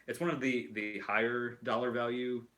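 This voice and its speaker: A man's voice: mid-range voice, flat delivery, unhurried, a bit bright, poor audio. A man hosting a casual chat while building a toy kit, rambling with lots of fillers and restarts. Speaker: host.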